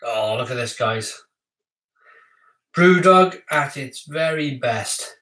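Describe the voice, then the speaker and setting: A man talks excitedly and casually to his live-stream viewers as he reviews craft beers. His voice is bright and slightly high for a man, and his delivery is slow and unhurried. He sounds distant from the mic, in a room with noticeable echo.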